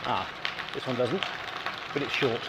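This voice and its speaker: A man's voice: medium pitch, unhurried, heavy background noise. A man in casual, chatty narration while riding a bike outdoors, thinking aloud with fillers, recorded on an action camera. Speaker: cycling vlogger. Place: outdoors on a bike, roads and a greenway with tunnels.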